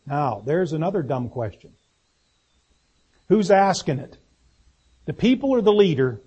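Husky-voiced man preaching a folksy sermon. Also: on the high side, lively intonation, moderate pace, pauses often, dark tone. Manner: folksy, asks the congregation questions.

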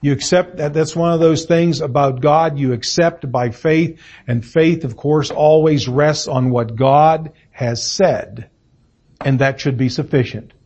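A middle-aged man preaching an evening sermon in a church room, reading scripture and stressing words deliberately with fillers and pauses. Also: a little high, darkish tone. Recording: muffled lo-fi sermon recording.

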